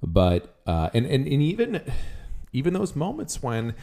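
A man's voice: mid-range voice, wildly swooping pitch, a little slow, gravelly, warm tone. A man co-hosting a relationship podcast, talking bluntly and frankly in casual chat. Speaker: podcast co-host.

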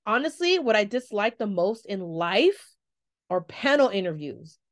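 A woman's voice: mid-range voice, sing-song, measured pace. A young adult woman hosting a solo podcast, talking frankly and expressively, swearing freely and acting out what people said. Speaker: podcast host. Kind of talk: candid solo podcast monologue.

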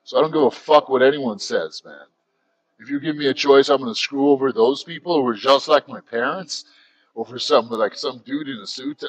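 A man's voice: medium pitch, moderate pace, low-quality recording. A man, talking bluntly and heatedly as an interview guest and swearing freely. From United States. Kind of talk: candid interview talk.

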